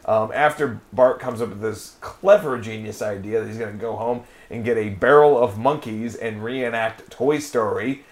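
A man's voice: on the low side, normal speed, few pauses. A young man co-hosting a casual podcast, rambling through a recap with lots of swearing, fillers and restarts, often breaking into laughter. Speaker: podcast co-host recapping an episode. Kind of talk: casual chat.

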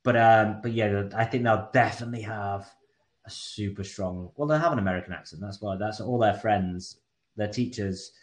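A man's voice: fairly low pitch, moderate pace. A man, co-hosting a casual podcast chat, joking and laughing often. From England. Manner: jokey, laughs often, trails off. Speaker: podcast co-host. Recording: roomy echo.

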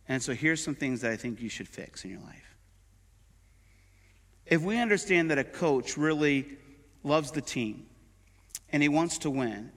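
A middle-aged pastor gives a sermon in a warm, chatty way, leaning on everyday examples from family and sport. His voice is bright and forward and sits a little high. A long reverb from the church sanctuary trails every phrase. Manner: conversational preaching with everyday examples.

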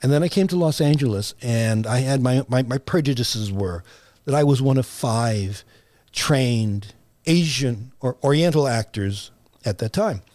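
An older American man recalling his career in a podcast interview, pausing and restarting often. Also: mid-range voice, expressive, a little mellow, no echo. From United States. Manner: halting, many restarts and fillers. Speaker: guest, writer and actor. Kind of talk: reflective interview conversation.

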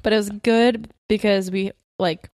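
A woman in her twenties co-hosting a home podcast with her husband, talking in a relaxed, giggly way full of "like" and "um". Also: mid-range voice, unhurried, no room sound, studio quality. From California. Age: 20s. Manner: laid-back, giggly, filler-heavy. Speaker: podcast co-host. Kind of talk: casual chat. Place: bedroom at home.

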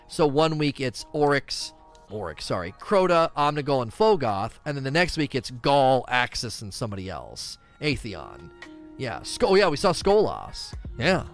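Animated man chatting on a stream. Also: medium pitch, normal speed, faint music behind. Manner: animated, rambling, reads chat questions aloud. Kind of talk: casual live-stream chat.

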